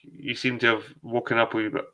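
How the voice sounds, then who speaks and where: A man's voice: medium pitch, little pitch movement, brisk, pushed and bright. A man in his thirties hosting a casual late-night video call chat, laid-back and swearing freely. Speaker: host.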